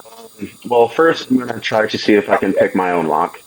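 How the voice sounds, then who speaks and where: A man's voice: lowish voice, moderate pace, poor audio. A man playing a rogue in a tabletop game, hesitant and thinking aloud with many fillers. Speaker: player.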